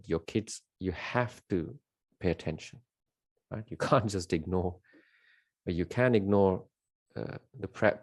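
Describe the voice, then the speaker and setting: Man, very low voice, dry dead room, spiritual monologue, emphatic, repeats himself, rambling. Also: a little mellow, dry recording. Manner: emphatic, repeats key words, rambling with fillers. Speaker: spiritual teacher.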